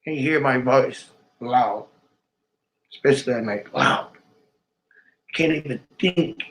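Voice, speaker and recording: Speaking slowly to camera, a male vlogger delivers a rambling, emotional monologue. He swears often and swings between loud outbursts and low mutters.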